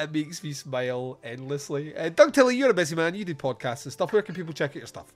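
A man hosting a casual film review podcast, animated and quick to laugh, acting out lines from the movie. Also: fairly high pitch. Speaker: podcast host.

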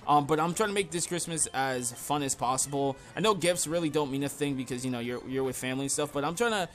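A young man hosting a game playthrough, rambling through stories and self-deprecating asides, then yelling at the game when battles go badly. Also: a little high, fast. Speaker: gaming channel host. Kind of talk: casual game commentary.

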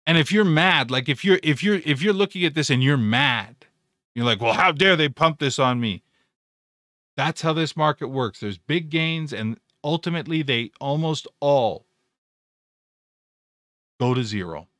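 A man's voice: fairly high pitch, animated, moderate pace, fairly bright tone, dry recording, studio quality. A man hosting a live stream, talking casually through stock charts, rambling with repeated words and jokes. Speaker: trading educator.

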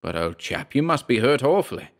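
A man's voice: medium pitch, very animated, fairly quick, vocal fry, voice pushed up. A man voicing Tom, a bluff, teasing young friend. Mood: alarmed. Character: hearty young male friend, jovial and teasing.

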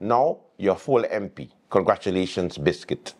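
A man's voice: on the low side, animated, normal speed. A man hosting a late-night show, teasing people in a comic monologue. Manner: teasing, joking.

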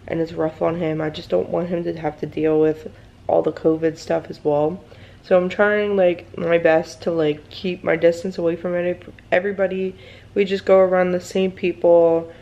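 A woman's voice: lowish voice, vocal fry, mellow. A young woman vlogging casually about her family, anxious and rambling with many fillers, in a groggy morning voice. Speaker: mommy vlogger. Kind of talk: casual vlog chat. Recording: dull lo-fi home recording.

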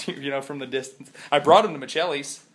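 A man chatting in a rambling, jokey vlog from his house, still sick, swinging from loud outbursts to mumbles. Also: on the high side, fairly quick. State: sick, congested. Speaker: vlogger. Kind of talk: casual vlog chat.

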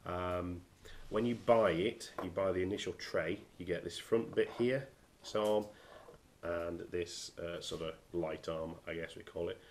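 Bloke from the uk with a cold, nasal and super low, lots of ums, chatty gear review, bit of noise. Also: male voice, unhurried. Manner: hesitant, many ums and restarts. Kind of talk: casual product review.

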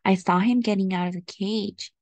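A woman voicing a moody, pampered house cat in a slow storybook reading. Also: medium pitch, fairly even intonation, dry recording, natural voice. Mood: gentle. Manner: slow, gentle read-aloud delivery.

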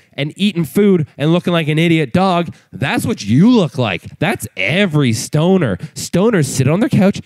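A young man hosting his own podcast, ranting with mocking, profane humor and breaking into high voices to act out other people. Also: a little mellow, no room sound. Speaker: podcast host. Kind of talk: comedic rant.

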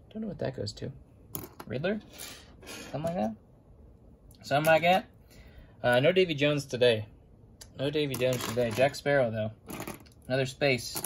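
A man's voice: mid-range voice, a little hiss or hum. A young adult man, a vlogger, rambling in casual running commentary while sorting toy figures, muttering little asides to himself.

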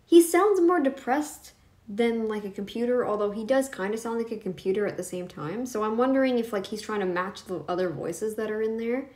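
A woman's voice: fairly high pitch, brisk, a little mellow. A woman hosting a reaction video, rambling and laughing often, feeling mentally off. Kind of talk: casual commentary.

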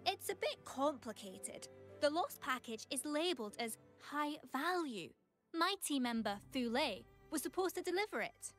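A high-voiced young woman who runs a delivery team. Her voice swoops up and down as she chats in a friendly, upbeat way. She sounds like a bright game character. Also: lively intonation, moderate pace, soft background music. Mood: chatty. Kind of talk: game voice acting.

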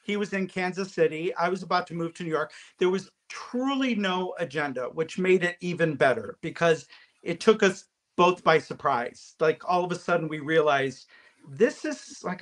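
A man's voice: high-pitched, moderate pace. A middle-aged man speaking in a casual interview, recalling memories with heartfelt feeling. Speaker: guest actor.

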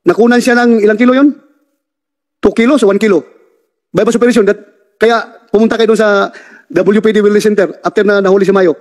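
A man's voice: sits high, steady tone, fast talker, long pauses, a little mellow. A man chairing a hearing, sternly pressing a witness with questions and reminders to tell the truth. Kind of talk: hearing interrogation. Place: hearing room.

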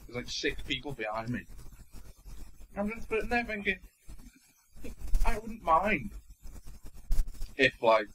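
A man's voice: on the high side, very animated, takes it slowly, pauses often, sharp tone, slight background noise, rough recording. A young man co-hosting a podcast, chatting and telling stories in a laid-back, mildly sweary way. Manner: chatty storyteller, swears mildly, laughs often. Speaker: podcast co-host. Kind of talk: casual chat.

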